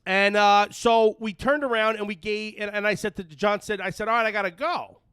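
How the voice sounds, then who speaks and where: A man's voice: sits high, fairly even intonation, a little fast, smooth, no echo, studio quality. A middle-aged man with a New Jersey accent, hosting a podcast and telling long rambling stories full of fillers. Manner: loud, rambling, storytelling with frequent fillers. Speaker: podcast host. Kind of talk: casual podcast banter. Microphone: headphones and studio mic.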